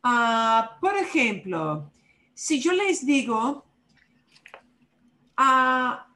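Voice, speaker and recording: A woman teaching a Spanish class over a video call, who models pronunciation by repeating words slowly and checks in often with her students. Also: a little high, very animated, bright, forceful tone, rough recording. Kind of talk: online class instruction.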